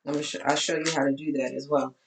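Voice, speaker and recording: Tired texas lady coach chatting to her followers on her phone, gravelly voice, echoey room. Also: low voice, little pitch movement, fast. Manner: candid, chatty, preachy asides. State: tired, voice cracking. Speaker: life coach. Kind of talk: casual talk to followers.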